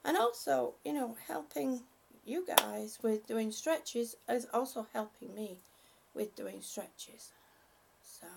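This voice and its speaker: A woman's voice: on the high side, slow pace, vocal fry, slightly rough. A woman on a live stream reading out viewer comments and thanking them, emotional and laughing often, a little short of breath.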